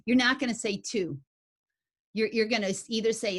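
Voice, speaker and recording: A woman teaching a dog agility study group in a folksy, animated, conversational way. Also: mid-range voice, normal speed, husky. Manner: folksy and animated, with homey grammar.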